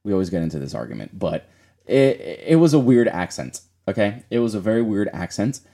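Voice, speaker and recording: A man's voice: fairly low pitch, animated, a little fast, warm tone. A man co-hosting a casual gaming podcast, rambling with many fillers and restarts. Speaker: podcast co-host.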